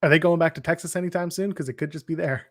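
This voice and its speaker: A man chatting casually as a podcast co-host, rambling through wrestling recaps with wry jokes. His voice sits slightly on the high side for a man. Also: racing, no room sound, studio quality.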